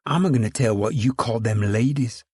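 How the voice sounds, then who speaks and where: A man's voice: mid-range voice, normal speed, dark tone, slightly rough, no room sound, clean studio sound, close to an everyday voice. A man voicing a sulky little farm boy who whines and threatens to tell on his sister, in a storybook reading.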